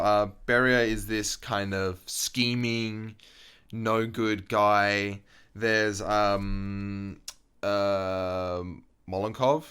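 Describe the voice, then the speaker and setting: Low, smooth-voiced man co-hosting a podcast. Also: a bit bright. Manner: loose and swearing, with frequent restarts and laughs. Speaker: podcast co-host. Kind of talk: casual film discussion chat.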